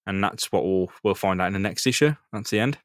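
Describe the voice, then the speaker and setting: A man's voice: lowish voice, fast talker, no echo, clean studio sound. A man co-hosting a podcast in casual chat, recapping a comic book in a laid-back way, swearing freely and laughing often. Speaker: podcast co-host.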